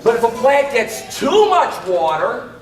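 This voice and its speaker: A man's voice: very high-pitched, big pitch swings, measured pace. A man presenting a playful gardening routine to young children, teasing them and leading call-and-response. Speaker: extension educator performing a gardening routine for children. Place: large indoor hall with a children's audience. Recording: echoey hall from far off, loud children in the crowd.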